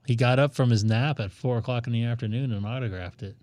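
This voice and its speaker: A man's voice: medium pitch, brisk, darkish tone, no room sound. Joking man hosting a ham radio stream. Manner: joking, rambling, thinks aloud while browsing. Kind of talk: casual live-stream chat.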